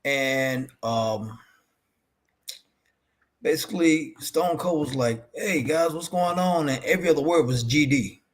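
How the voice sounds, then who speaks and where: A man's voice: fairly high pitch, measured pace. A man on a wrestling talk show, telling backstage stories in casual chat and acting out what others said. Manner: animated storyteller who acts out quoted voices.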